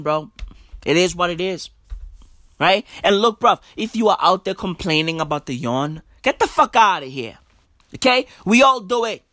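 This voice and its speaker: A man rambles through a profane comic monologue after just waking up, sprinkling bruv into every line. He talks slowly, and the sound is dry and close to the mic. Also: sits high, pushed and bright, dry recording. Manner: loose, profane, says bruv a lot. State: just woke up, yawning. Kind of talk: stand-up style monologue.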